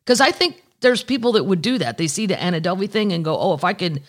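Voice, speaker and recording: An expressive, fairly bright medium-pitched voice moves quickly through a casual podcast chat. The host reads news aloud, interjects asides, and swears a lot, staying candid and rambling throughout.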